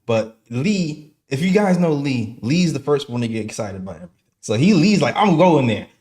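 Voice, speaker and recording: A man's voice: mid-range voice, sing-song, normal speed, darkish tone. A man hosting a live sports fan show, chatting in a laid-back way and laughing easily. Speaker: show host. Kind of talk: casual live show chat.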